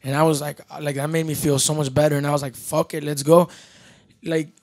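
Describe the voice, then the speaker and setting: A man's voice: on the high side, fairly quick. A young man, telling a story in casual talk and switching between Spanish and English. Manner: mixes Spanish and English, relaxed and swearing. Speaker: podcast guest, band member.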